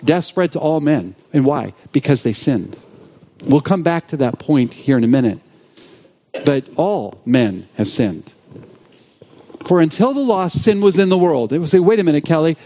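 Emphatic preacher, muffled lo-fi sound. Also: male voice, a little high, very animated, warm tone. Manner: emphatic, repeats key phrases slowly. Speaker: pastor. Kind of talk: sermon. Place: church sanctuary.

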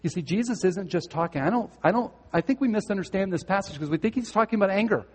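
Male pastor, earnest sermon delivery, questions the congregation, slightly high voice, reverberant hall. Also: animated, fast, a little mellow, husky. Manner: earnest, direct questions to listeners, repeats words.

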